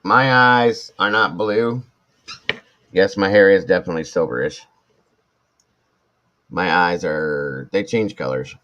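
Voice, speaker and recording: Low-voiced man in his forties, rambling. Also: slow, pauses often, pushed and bright, lo-fi sound. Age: 40s. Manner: rambling, self-mocking, with frequent restarts. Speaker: live stream host. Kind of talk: casual chat reading viewer comments.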